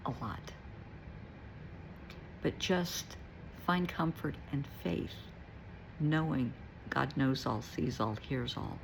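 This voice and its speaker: A woman's voice: low voice, takes it slowly, vocal fry, background noise. An older woman therapist giving casual, plain-spoken spiritual advice in a folksy, reassuring way, calling the listener honey.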